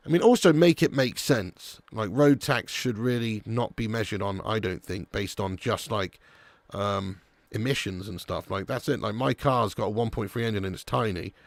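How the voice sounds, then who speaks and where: Chatty man, gravelly voice. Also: lowish voice, normal speed, no echo. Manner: chatty, banter with chat, swears casually. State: a little sleepy. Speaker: watch-along streamer. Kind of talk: live football watch-along chat.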